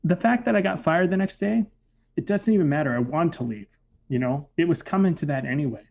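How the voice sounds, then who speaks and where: A man's voice: a little high, brisk, creaky, darkish tone. Guy telling a story from his past, chatty, lots of likes, thoughtful. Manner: reflective, filler-heavy with frequent "like". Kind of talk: casual personal storytelling.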